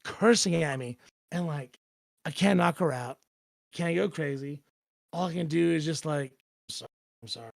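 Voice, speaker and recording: Male guest, gravelly voice, a bit high, profane rambling anecdotes, faint music under. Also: measured pace, long pauses, dry recording, studio quality. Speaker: tv reporter guest. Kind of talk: casual chat.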